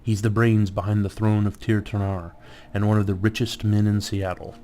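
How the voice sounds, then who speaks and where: A man's voice: lowish voice, flat delivery, moderate pace, warm tone, slight background noise, lightly acted. A man voicing a sneering, contemptuous male cop from a video game, reading his lines aloud. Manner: taunting, contemptuous. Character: sneering mercenary cop McCluskey, male adult.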